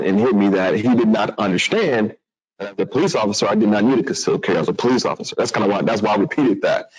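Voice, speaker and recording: Animated man telling a story. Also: lowish voice, husky, low-quality recording. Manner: animated, acts out other voices, restarts a lot. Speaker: public speaker telling a personal story. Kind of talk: storytelling talk to an audience.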